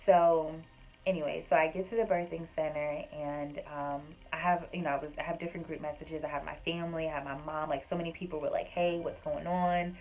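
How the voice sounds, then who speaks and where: A woman with a low voice tells a personal story straight to camera. She sounds earnest and faith-filled. Her delivery is chatty and loose, with many fillers. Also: level tone, quick pace, darkish tone, poor audio. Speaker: vlogger and homemaker.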